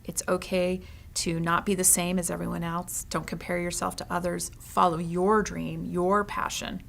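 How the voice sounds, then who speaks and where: A woman's voice: on the low side, flat delivery, moderate pace, creaky, a little hiss or hum. A woman who owns a consignment store, speaking as an interview guest in an earnest, heartfelt way and often tagging her sentences with "you know" and "right".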